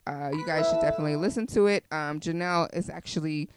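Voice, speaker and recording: A woman's voice: sits low, quick pace, loud music behind the voice. A woman hosting her own podcast, chatting casually and expressively with plenty of fillers into a close studio mic. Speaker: podcast host. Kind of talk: casual solo podcast chat.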